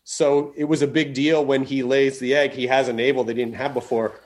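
A man's voice: medium pitch, little pitch movement, fairly quick. A man hosting a podcast in loose, rambling comedic chat, swearing freely and laughing often. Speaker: podcast host.

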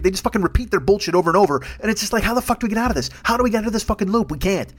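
A man's voice: high voice, lively intonation, rapid-fire, hardly any pauses. A middle-aged man hosting a podcast, delivering an angry, profane political rant and mocking opponents in put-on voices. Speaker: podcast host.

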